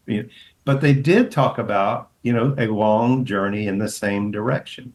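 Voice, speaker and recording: A man's voice: lively intonation, moderate pace, low-quality recording. A middle-aged man, a pastor and author, telling stories as a podcast guest, rambling with many restarts. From American South. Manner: rambling, full of restarts, acts out quotes in a higher voice. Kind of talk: storytelling interview.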